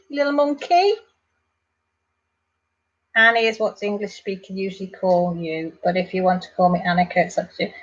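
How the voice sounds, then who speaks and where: A woman's voice: mid-range voice, dull audio. A Welsh woman chatting casually to viewers on a live stream at home, addressing them by name and rambling on. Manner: chatty, warm-hearted, talks to viewers by name. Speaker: vlogger.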